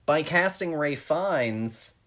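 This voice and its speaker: A man's voice: a little high, animated, takes it slowly, a bit bright. A man co-hosting a film podcast in casual conversation. He talks things through thoughtfully, hedging, circling back and restarting his sentences as he goes. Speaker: podcast co-host.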